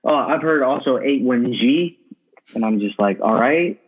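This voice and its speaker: A man's voice: mid-range voice, moderate pace, a crowd in the background. A man from Texas, a podcast guest talking over a video call in a laid-back, goofy way. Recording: tinny video-call audio.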